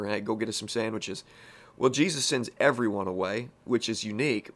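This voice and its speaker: A man leading a conversational Bible-teaching podcast at a mid-range pitch. He talks in a folksy, plain-spoken way and keeps dropping in casual asides as he walks through the text.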